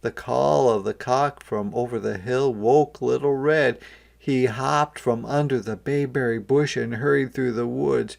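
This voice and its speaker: Slow gravelly man reading to children. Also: mid-range voice, steady tone, a little mellow. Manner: reads slowly, pauses to explain words for young children. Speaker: kindergarten teacher. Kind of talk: children's picture book read-aloud.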